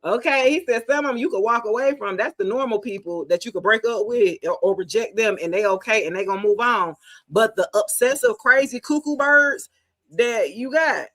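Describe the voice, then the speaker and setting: A woman, giving a casual live tarot reading in a chatty, animated, slangy way, talking straight to her viewers. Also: medium pitch, fairly quick. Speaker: tarot reader.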